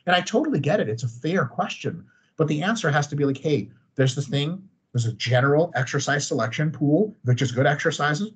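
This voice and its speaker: Husky animated man in his thirties. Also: a little high, fairly quick. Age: 30s. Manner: animated, profane, ranting with humor. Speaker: podcast guest, training expert. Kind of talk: casual chat.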